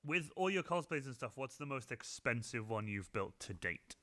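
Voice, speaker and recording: A woman's voice: rumbling low, animated, moderate pace, fairly bright tone. A woman hosting a livestream chat, enthusiastic, echoing her guest's answers with praise and frequent laughter. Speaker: livestream host. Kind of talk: casual interview chat.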